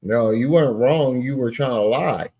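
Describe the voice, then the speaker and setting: A man's voice: medium pitch, moderate pace, husky, highs cut off. A man hosting reaction commentary, cutting in bluntly and mocking the clip he is playing. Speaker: commentary host.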